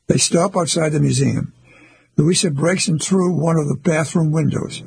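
A man narrating an audiobook in a calm, even storytelling manner, with a husky, creaky voice. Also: fairly high pitch, poor audio. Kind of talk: scripted narration.

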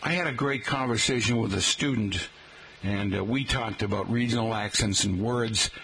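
A man's voice: on the low side, normal speed, sharp tone, slight background noise, poor audio. A man, a teacher giving a folksy talk-radio style lesson on regional pronunciation, spelling words out letter by letter and calling his listeners folks. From Boston area, Massachusetts.

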